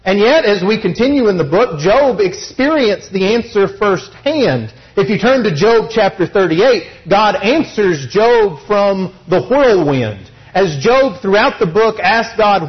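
A man preaching a sermon, expressive and teaching, often asking rhetorical questions. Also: sits high, measured pace, few pauses, highs cut off.

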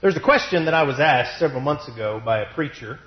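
A man preaching a sermon through a cough, slowing down to stress his points, at a pulpit mic in a church. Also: fairly high pitch, expressive. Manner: measured, deliberate delivery with slowed emphasis. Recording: roomy, dull lo-fi sound.

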